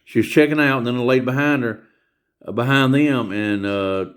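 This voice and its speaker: A man's voice: medium pitch, fairly quick. Male vlogger, casual rant, rambling and repetitive delivery with frequent hesitations. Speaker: vlogger reviewing stores. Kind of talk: casual rant retelling a store visit.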